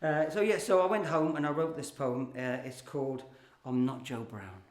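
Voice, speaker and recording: A man's voice: mid-range voice, moderate pace, darkish tone. An older man from England with a Midlands accent, telling a chatty story and then reciting a rhyming comic poem to a live audience. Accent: English Midlands. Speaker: poet performer. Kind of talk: comic poetry performance. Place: small hall before a live audience. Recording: roomy hall sound.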